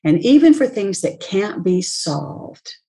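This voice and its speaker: Speaking slowly in a warm, sing-song mid-range voice, a leadership expert chats through an interview. She's animated, performs the voices of people she quotes and laughs frequently.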